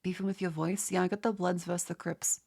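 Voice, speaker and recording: A woman's voice: fairly low pitch, fairly even intonation, fast, gravelly, darkish tone, breathy edge. Nasal Australian woman with a cold. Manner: rambling with many restarts. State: has a cold. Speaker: streamer. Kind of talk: casual chat, answering chat.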